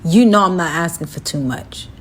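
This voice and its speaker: A woman telling a dramatic story in a casual storytime style, animated and jumping high in pitch when she quotes herself. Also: moderate pace.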